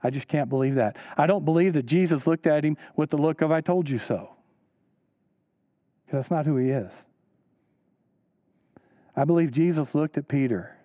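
A pastor preaching a sermon, earnest and emphatic, repeating key lines slowly for weight. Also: male voice, dark tone, no room sound, clean studio sound. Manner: rises in pitch when stressing a point.

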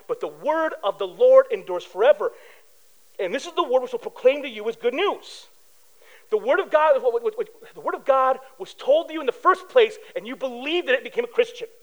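A middle-aged male pastor with a very high-pitched voice preaches a sermon in a casual, conversational way, telling personal stories. He's animated and acts out the voices of people he quotes. The recording quality is low.

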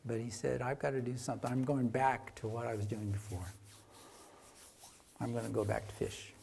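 A man preaching a sermon, retelling a Bible story in a conversational way. He gets louder for emphasis and then drops soft and quiet. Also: mid-range voice, level tone, moderate pace, gravelly, slight background noise.

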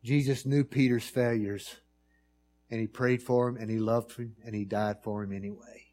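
A man preaching a sermon, moving between hushed pleading and loud, emphatic storytelling with repeated rhythmic phrases. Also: medium pitch, steady tone, normal speed.

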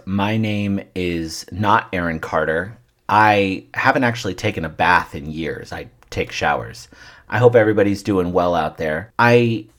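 A man hosting his own comedy podcast, telling crude, irreverent stories in a wry, offhand monologue. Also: fairly low pitch. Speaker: podcast host.

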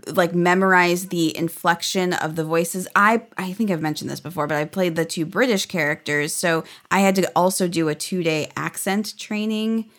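A woman's voice: on the low side, moderate pace, few pauses, a bit bright. A woman in her thirties, chatty and upbeat, telling stories as an interview guest. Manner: chatty, upbeat, laughs often. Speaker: guest, former theme park character performer. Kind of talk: casual interview storytelling.

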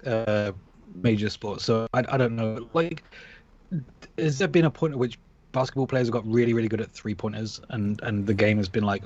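A man's voice: fairly low pitch, normal speed, a little mellow, highs cut off. A man in casual sports chat, ranting with exasperation and mock quotes.

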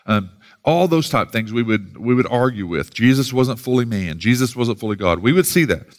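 A man's voice: medium pitch, expressive, normal speed. A man giving a sermon as a pastor, talking in a loose, casual way with many fillers and restarts.

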